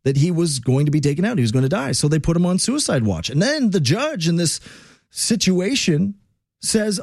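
A male talk radio host rants in a lively, swooping voice that sits a little high. He talks casually and opinionatedly, with filler words. The sound is dry and close, like a studio. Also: moderate pace, vocal fry, no room sound. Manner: animated, ranting, conversational with fillers.

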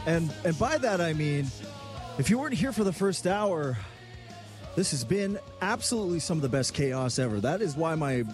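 A young man hosting a radio show, out of breath and chatting in an excitable, rambling way with many fillers. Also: on the high side, normal speed, faint music behind. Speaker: radio host. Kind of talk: casual radio show chat.

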